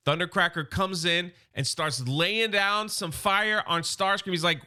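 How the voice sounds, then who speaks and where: A man casually recapping a comic book story for his channel, excitable and loose, with quick asides. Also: sits high, clean tone.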